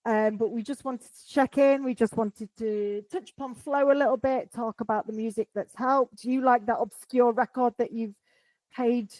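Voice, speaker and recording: A woman's voice: on the high side, steady tone, moderate pace, a little mellow, no room sound, rough recording. Chatty podcast woman, dry close sound. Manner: chatty and self-mocking, laughs often. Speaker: podcast co-host. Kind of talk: casual chat.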